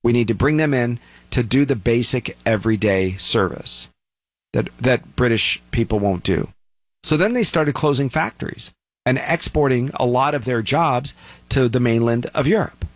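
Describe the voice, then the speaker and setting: A man giving casual commentary, telling stories and acting out other people's lines in a raised voice. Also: dry recording. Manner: animated storyteller, acts out quoted voices in high pitch. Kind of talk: casual talk.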